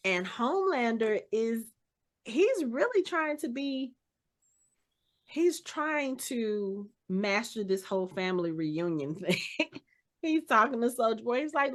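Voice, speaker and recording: A woman's voice: on the high side, slow. A woman co-hosting a podcast, recapping a TV episode in casual chat and acting out the characters' lines as she tells it. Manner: animated storyteller, acts out scenes in quotes. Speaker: podcast co-host.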